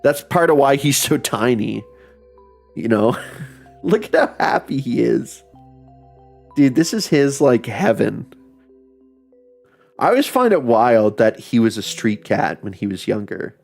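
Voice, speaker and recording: A man's voice: medium pitch, big pitch swings, a little slow, vocal fry, pauses often, faint music behind. A young adult man chatting casually on a livestream, rambling, laughing often and swearing freely. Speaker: streamer.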